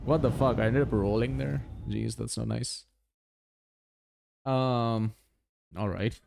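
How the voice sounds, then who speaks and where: A streamer in his twenties chats casually while speedrunning a game, laughing often and cursing freely. His mid-range voice is steady and slow with vocal fry, heard over music against a noisy background.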